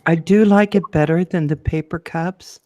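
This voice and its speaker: A woman co-hosting a casual chat show, telling a lively story and acting out the people in it. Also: normal speed, no echo, lo-fi sound. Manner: lively storyteller, acts out quotes in a high voice. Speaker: show co-host.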